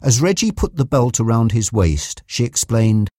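A man narrating a chapter of an audiobook in a steady storytelling manner. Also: medium pitch, normal speed, few pauses, no room sound, studio quality. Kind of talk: scripted narration.

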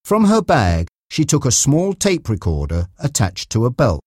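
A man narrating a chapter of an audiobook in a steady storytelling manner. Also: mid-range voice, normal speed, slightly rough, dry recording, studio quality. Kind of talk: scripted narration.

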